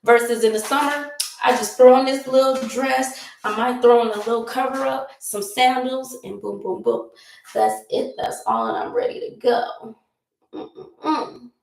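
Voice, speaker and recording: A woman's voice: fairly high pitch, lively intonation, unhurried, gravelly, roomy sound, poor audio. A young woman vlogger chatting casually while doing her makeup, rambling and laughing often.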